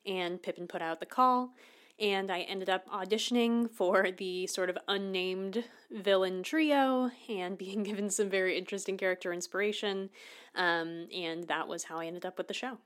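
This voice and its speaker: A composed, articulate woman answers an interview question at a mid pitch, speaking evenly. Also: normal speed. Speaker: audio drama voice actor.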